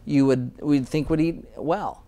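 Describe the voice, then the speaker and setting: A man's voice: fairly high pitch, fairly even intonation, measured pace, warm tone. A man speaking as a dentist guest in an interview, earnest and enthusiastic, often restarting his sentences. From Utah, USA. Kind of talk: interview conversation.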